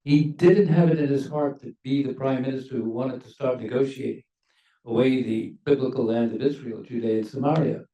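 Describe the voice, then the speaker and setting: An older man, a former ambassador, speaking on a university panel in a measured, emphatic way that leans on key words. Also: medium pitch, mellow. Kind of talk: panel discussion remarks. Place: university lecture hall. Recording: echoey hall, mic at a distance.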